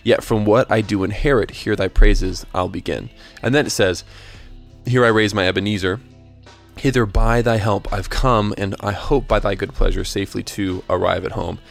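Earnest, low-voiced man explaining. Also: steady tone, moderate pace, creaky, soft background music. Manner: thoughtful and earnest, with frequent restarts and tag questions. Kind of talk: casual explanation of hymn lyrics and faith.

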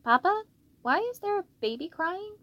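High whiny little kid done by a lady, shrill and pouty. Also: big pitch swings, moderate pace, fairly bright tone, dry recording, full character voice. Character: whiny cheeky little boy.

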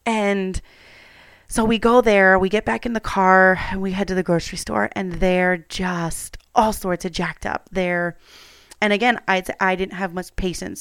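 A woman's voice: on the low side, clear, resonant tone, no echo. A woman in her thirties, a mother, telling a personal story at home in a candid, chatty way with plenty of fillers.

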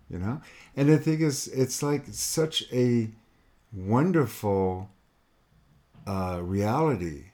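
A man's voice: medium pitch, a little mellow. A middle-aged man giving an earnest motivational monologue to a listener, repeating his questions and acting out quoted voices.

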